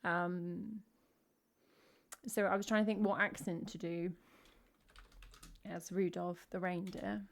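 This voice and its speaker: A woman's voice: fairly low pitch, flat delivery, slow pace, long pauses. An English woman from England, a singer-songwriter chatting casually between songs on her live stream, rambling and full of "like" fillers.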